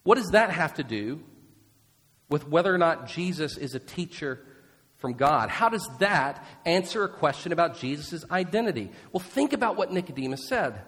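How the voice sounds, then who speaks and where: A male pastor preaching a sermon, emphatic and expressive, posing rhetorical questions to his congregation. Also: a little high, normal speed, in a large hall.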